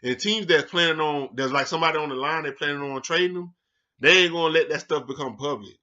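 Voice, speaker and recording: A heated man hosting a sports talk show rants casually, cursing freely and jumping from low mutters to loud outbursts. His voice sits a little high and sounds bright and forceful. The recording is dull and lo-fi. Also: fast.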